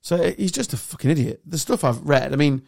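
Animated ranting podcast host. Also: male voice, fairly high pitch, brisk, vocal fry. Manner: animated ranting, swearing and laughing. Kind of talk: casual podcast banter.

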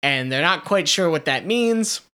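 A man co-hosting a podcast, animatedly retelling a story in a casual way, with many fillers and quick asides. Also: a little high, animated, sharp tone, clean tone. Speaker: podcast co-host. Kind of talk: casual retelling of a pitched TV episode.

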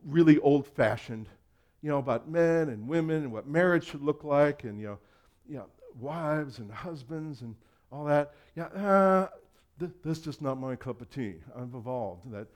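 A male pastor giving a conversational sermon, acting out quoted voices and laughing often. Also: medium pitch.

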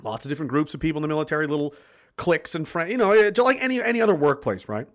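A man's voice: fairly high pitch, lively intonation, very fast. Blunt, profane man ranting. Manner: blunt, swearing, impassioned with rhetorical questions. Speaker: livestream host reading chat. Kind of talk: profane political rant to viewers.

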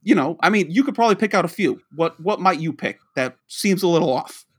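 A man's voice: sits high, animated, brisk, breathy edge. A man from the Boston area, co-hosting a podcast and telling a long rambling story, acting out the dialogue he quotes. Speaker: podcast co-host. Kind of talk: casual storytelling.

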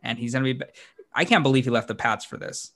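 Animated man on a sports podcast. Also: fast talker, creaky. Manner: animated, jumps up in pitch when excited, laughs often. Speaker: podcast co-host. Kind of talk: casual sports podcast chat.

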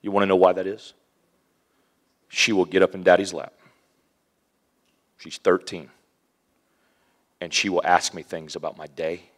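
A man preaching a sermon, animated, acting out scenes with hushed whispers and playful voices. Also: deep voice, measured pace, pauses often.

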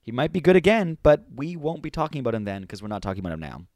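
Lively, bantering Canadian man. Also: medium pitch, very fast, dry recording, studio quality. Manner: playful, bantering, swooping delivery. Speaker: podcast co-host. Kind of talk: comedic sports chat.

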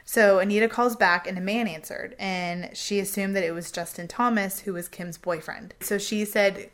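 A woman tells a true crime case to her co-host on a podcast. She talks in a relaxed, chatty way and slips into the voices of the people she quotes. Her pitch sits in an ordinary middle range. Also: moderate pace, few pauses. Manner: animated retelling, acting out quotes with a Southern "y'all". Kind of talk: casual storytelling chat.

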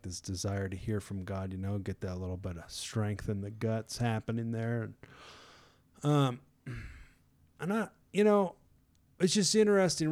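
A man's voice: medium pitch, a little mellow. A man giving a casual devotional reflection in a rambling, conversational way, with many fillers and restarts and frequent chuckles. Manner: chuckles often. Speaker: devotional speaker.

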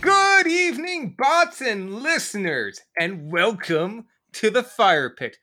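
A man co-hosting a movie podcast, reading the show's opening like an announcer. His voice swings widely in pitch and moves at an unhurried pace, with a bright tone. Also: faint music behind. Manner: announcer-style delivery, animated. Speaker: podcast co-host. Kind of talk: scripted show intro with banter.

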